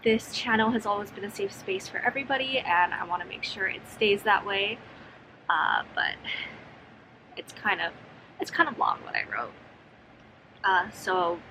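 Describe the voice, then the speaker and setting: A young woman in a casual home vlog, speaking softly and hesitantly with many pauses and restarts. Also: mid-range voice, background noise. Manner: soft-spoken, hesitant, many ums and restarts. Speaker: vlogger. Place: home, sitting on the floor. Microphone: camera mic.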